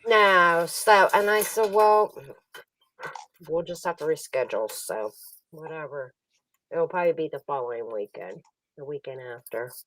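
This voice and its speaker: A woman's voice: sits low, expressive, measured pace, fairly bright tone, far from the mic, poor audio. A middle-aged woman hosting a livestream, telling a family story in casual chat and laughing often. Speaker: livestream host.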